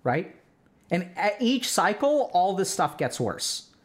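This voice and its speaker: Chatty advice-giving man, higher voice. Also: big pitch swings, takes it slowly. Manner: conversational, full of "like" and "right?" check-ins; breaks into role-played example dialogue. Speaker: podcast host giving relationship advice. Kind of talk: explanatory advice talk.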